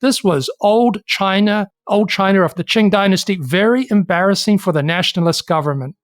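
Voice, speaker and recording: A podcast co-host explaining history in a steady, storytelling way. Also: mid-range voice, moderate pace, no echo. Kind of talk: casual history podcast chat.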